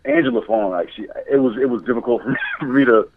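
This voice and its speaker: A man's voice: medium pitch, wildly swooping pitch, fast talker, creaky, background noise. A man guest chatting candidly on a podcast, telling stories with frequent laughs. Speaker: guest, motion capture director. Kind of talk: casual podcast chat. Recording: tinny phone-like line.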